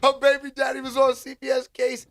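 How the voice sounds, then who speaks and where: A man hosts a casual live stream, answering his chat in slangy street talk. His voice sits high and carries a gravelly rasp. He keeps it animated, jumping into loud exclaims. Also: fairly quick, very noisy. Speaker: livestream commentary host.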